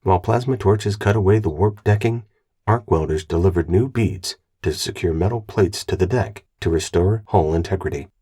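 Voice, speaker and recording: A man reading an audiobook aloud in an even, measured narration. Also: deep voice, husky. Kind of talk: scripted narration.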